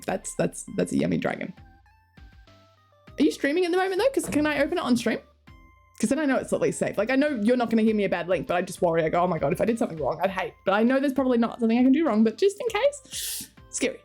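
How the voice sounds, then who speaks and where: A woman's voice: a little high, sing-song, racing, darkish tone, soft background music. A woman streamer chatting casually and giggling as she reads chat and talks to her cats.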